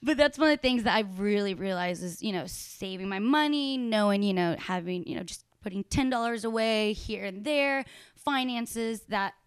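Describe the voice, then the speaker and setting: A woman's voice: mid-range voice, lively intonation, moderate pace, clear, resonant tone, dry recording, clean studio sound. A woman in her twenties telling stories in a casual interview, chatty with many fillers. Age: 20s. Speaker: guest, small business owner.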